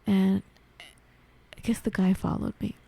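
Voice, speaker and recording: Gravelly-voiced woman telling a story. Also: medium pitch, slow pace. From United States. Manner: animated, acts out quoted voices, frequent "like". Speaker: podcast guest. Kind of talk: conversational storytelling.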